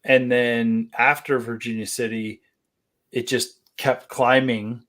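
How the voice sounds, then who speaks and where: A man joins a casual livestream as a guest, speaking at an ordinary middle pitch. He thinks out loud and softens his points with "I think" and "like". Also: little pitch movement, slow. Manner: thoughtful, hedging with "I think" and "like".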